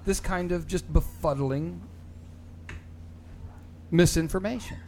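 A man's voice: on the high side, slow, dark tone, slight background noise. Opinionated man hosting a casual chat. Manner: opinionated, repeats words when starting a thought. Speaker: show host.

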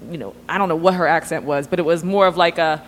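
A woman's voice: lowish voice, steady tone, quick pace, big-room sound, a little hiss or hum. Hesitant woman on a humming podcast. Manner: hesitant, searching for words. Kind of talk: casual podcast chat.

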